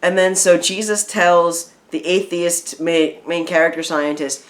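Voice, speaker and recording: A woman co-hosting a casual film review chat, retelling the plot in a rambling, animated way full of fillers. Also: on the low side, unhurried.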